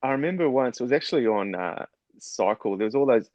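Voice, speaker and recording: A middle-aged man with a New Zealand accent, a guest telling stories in a relaxed, measured way with frequent fillers. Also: medium pitch, no room sound. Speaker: guest, former special forces officer turned doctor. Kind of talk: casual storytelling in conversation. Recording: slightly dull, muffled sound.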